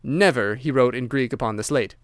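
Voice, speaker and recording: A man narrating a classic detective story in a measured, storytelling style. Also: mid-range voice, clear, resonant tone, no echo, studio quality. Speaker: audiobook narrator. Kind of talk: scripted audiobook narration.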